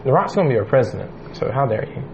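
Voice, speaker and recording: A man's voice: mid-range voice, sing-song, fast, creaky. A man co-hosting a casual podcast chat, silly and jokey, slipping into playful quoted voices. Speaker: podcast co-host. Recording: dull lo-fi podcast audio with faint noise.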